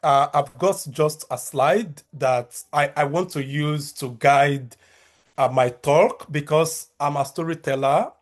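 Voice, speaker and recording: A man in his thirties with a Nigerian accent, a researcher and lecturer giving a measured conference talk over a video call, with frequent fillers and restarts. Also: on the high side.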